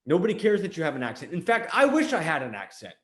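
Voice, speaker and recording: A man's voice: fairly high pitch, huge pitch swings, fast, a bit bright, echoey room. An American man hosting a show, giving a blunt, emphatic motivational talk on business and repeating points for emphasis. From United States. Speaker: host.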